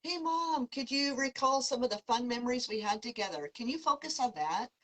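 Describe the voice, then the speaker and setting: A woman voicing a bright, eager pet spirit. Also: a little high, animated, a little fast, pitched above the performer's own voice, poor audio. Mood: eager, coaxing. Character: spirit of a departed female pet, cheerful and playful.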